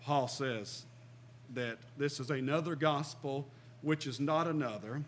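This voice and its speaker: A man's voice: mid-range voice, unhurried, a little hiss or hum. A middle-aged man preaching a sermon, earnest and emphatic, who reads scripture aloud and asks his listeners questions.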